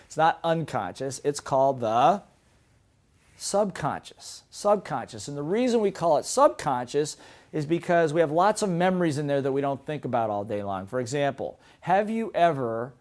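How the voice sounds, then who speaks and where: Male motivational coach, slightly raised pitch, lively and emphatic with rhetorical questions. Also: normal speed. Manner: animated, swings between quiet and emphatic. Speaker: business coach. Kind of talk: motivational seminar lesson.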